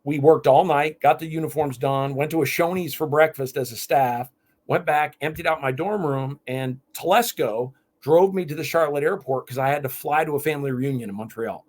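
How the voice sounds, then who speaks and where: Man telling animated stories, slightly high. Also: moderate pace. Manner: animated, lively anecdotes with restarts. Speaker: podcast guest. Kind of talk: storytelling in a casual interview.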